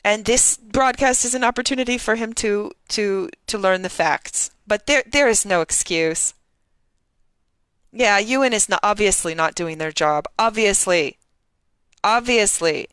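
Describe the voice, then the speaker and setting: A woman's voice: mid-range voice, unhurried, fairly bright tone, clean tone, no echo. A woman journalist giving heated, indignant live-stream news commentary and reading out timeline entries.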